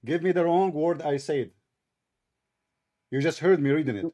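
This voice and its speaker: A man's voice: fairly high pitch, normal speed, mellow. A man who speaks natively, hosting a heated live debate, combative and mocking, often talking over the other side. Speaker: debate host.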